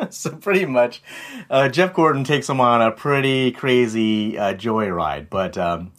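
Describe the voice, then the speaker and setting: A man's voice: mid-range voice, expressive, takes it slowly, a bit bright. A man hosting a marketing tip video, talking casually in a rambling, hesitant way with frequent chuckles. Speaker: marketing vlog host.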